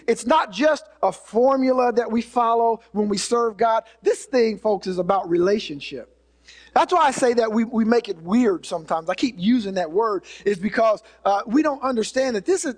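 A man delivering a sermon with an earnest, conversational manner, circling back and restarting his phrases. His voice sits high for a man. The sound carries a long reverb tail, as if from a large hall. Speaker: preacher.

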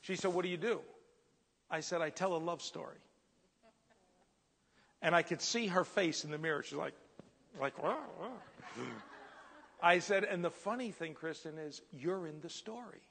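High, gravelly preacher man in a reverberant hall. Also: normal speed. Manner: animated storyteller, drops to a hushed whisper for God's words. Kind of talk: storytelling sermon.

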